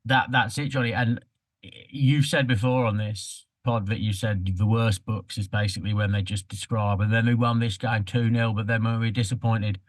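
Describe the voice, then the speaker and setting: A man's voice: fairly low pitch, fairly even intonation, moderate pace, dry recording. A man co-hosting a casual podcast chat, playful and teasing, swearing freely. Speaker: podcast co-host.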